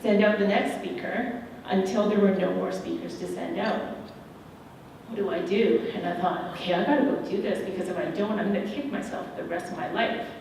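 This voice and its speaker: A middle-aged woman giving a keynote speech, telling a personal story with candid, animated delivery and quoted dialogue, speaking into a handheld microphone. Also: on the low side, brisk, vocal fry, a little hiss or hum. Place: large hotel event hall. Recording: distant, echoey hall recording with faint ambience.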